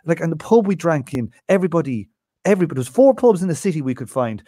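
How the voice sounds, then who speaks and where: A man's voice: on the high side, big pitch swings, fast, mellow, no echo, clean studio sound. An Irish man co-hosting a podcast, swearing freely and spinning anecdotes in casual chat. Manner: profane anecdotal storyteller. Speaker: podcast co-host.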